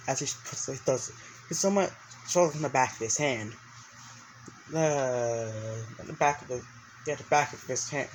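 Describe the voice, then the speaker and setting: A man's voice: medium pitch, normal speed, a little hiss or hum, poor audio. A man narrating an improvised story, rambling along with many restarts and fillers.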